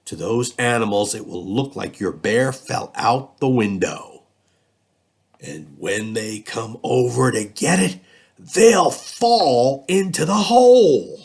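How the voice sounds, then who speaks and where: A man's voice: mid-range voice, lively intonation, slow, vocal fry, pitched above the performer's own voice. A man voicing a scheming, confident little boy who is pleased with himself, sly and eager.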